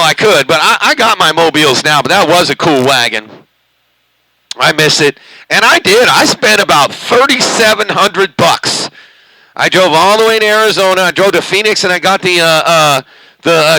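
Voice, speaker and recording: A man's voice: fairly high pitch, lively intonation, moderate pace, vocal fry, sharp tone, no room sound, low-quality recording. Folksy man rambling on CB radio. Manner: rambling, folksy, hesitant fillers. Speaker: CB radio operator, channel host. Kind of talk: casual CB radio chat. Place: bedroom at home. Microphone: CB radio mic.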